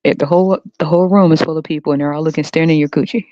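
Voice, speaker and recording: A woman's voice: sits low, fairly even intonation, racing, dark tone. A woman rants through a solo podcast monologue, crude and full of profanity, talking straight to her viewers and laughing often. The recording is dull and lo-fi, with a dry, close sound and no room echo. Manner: addresses viewers directly. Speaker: podcast host.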